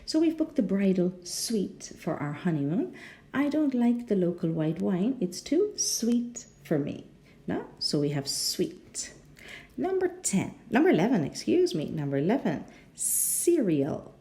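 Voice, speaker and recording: A woman teaching an English pronunciation lesson, repeating words slowly and checking in with "no?". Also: mid-range voice, big pitch swings, dark tone.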